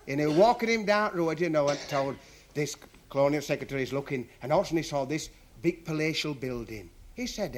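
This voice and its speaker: A man's voice: on the high side, expressive. Male stand-up comic. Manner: drawn-out punchline delivery, dialect speech. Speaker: stand-up comedian. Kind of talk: stand-up joke telling. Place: stage before a live audience.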